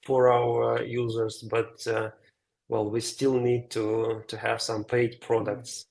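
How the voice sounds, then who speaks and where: A man's voice: medium pitch, monotone, takes it slowly, vocal fry, darkish tone. A man speaking as a guest at an online meetup, answering questions hesitantly with many uhs and repeated words over a video call.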